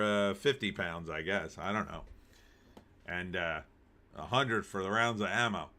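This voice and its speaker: A man's voice: low voice, unhurried, pushed and bright. A man hosting a live stream, reading news aloud and cracking wry, jokey asides with frequent laughs.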